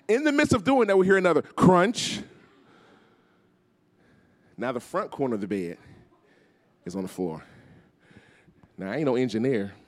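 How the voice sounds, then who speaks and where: A man preaching a storytelling sermon as guest speaker, acting out voices and calling on the congregation to respond. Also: mid-range voice. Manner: animated, acts out voices, calls on the crowd.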